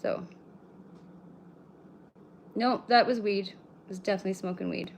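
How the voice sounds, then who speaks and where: A woman's voice: mid-range voice, normal speed, gravelly, a little hiss or hum. A woman in her thirties chatting casually on a live stream, rambling, blunt and swearing freely as she answers viewers. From British Columbia, Canada. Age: 30s. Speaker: livestreamer.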